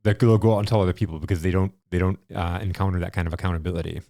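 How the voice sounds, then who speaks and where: Male podcast host, very low voice, earnest and affirming, dry close-mic sound. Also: fairly even intonation, racing, creaky, mellow, dry recording. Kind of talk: conversational podcast commentary.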